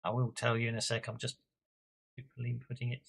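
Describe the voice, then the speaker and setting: Chatty game master, medium pitch. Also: monotone, brisk, vocal fry, breathy edge. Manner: chatty, with fillers, muttering while fixing the software. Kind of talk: running an online tabletop game.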